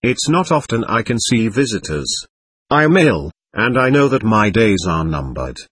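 A male narrator voicing a gentle, ailing old monk who speaks calmly and consolingly, in an audiobook. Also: fairly low pitch, moderate pace, husky, no room sound, exaggerated voice. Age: older. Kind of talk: audiobook character reading.

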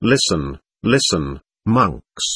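A man reading aloud as a raging, spluttering old father who yells at everyone. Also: low-pitched, big pitch swings, extremely slow, slightly rough, dry recording, pitched below the performer's own voice, full character voice. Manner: yelling, spluttering. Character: old male buffoon father, shrill and raging.

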